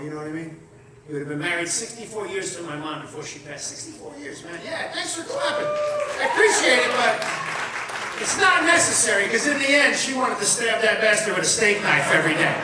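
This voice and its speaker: A middle-aged man performing a brash, profane stand-up comedy set with shouted bursts. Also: high voice. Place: comedy show venue. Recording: echoey room, distant mic, audience.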